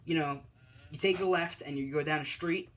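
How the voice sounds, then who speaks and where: A man's voice: a little high, steady tone, moderate pace, fairly bright tone, a little hiss or hum, rough recording. A man casually narrating a fan story off the cuff, rambling and correcting himself, with lots of fillers.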